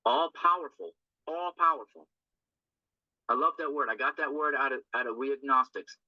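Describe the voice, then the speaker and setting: A man with a medium-pitched, steady voice talks fast in a dry, dull lo-fi recording. He's a recovery group speaker giving an informal, loose but earnest talk on a recovery text, often checking in with tag questions.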